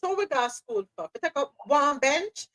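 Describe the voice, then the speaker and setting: Lively high-voiced woman hosting news talk. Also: normal speed, rough recording. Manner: lively, reads segments, chatty asides. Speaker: podcast host.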